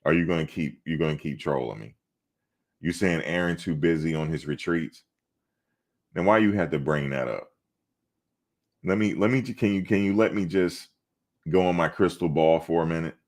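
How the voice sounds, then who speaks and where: Very deep gravelly-voiced man chatting. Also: moderate pace, long pauses. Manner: teasing, talks back to chatters. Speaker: sports channel host. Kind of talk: casual livestream chat, reading viewer comments.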